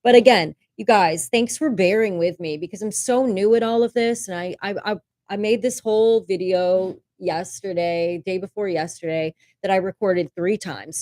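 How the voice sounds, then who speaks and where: Woman, livestream host at home; low-ish, dry, candid and chatty. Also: a little mellow, no room sound. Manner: candid and chatty, swears casually, laughs often. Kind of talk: casual livestream chat. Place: home room. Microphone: desk microphone.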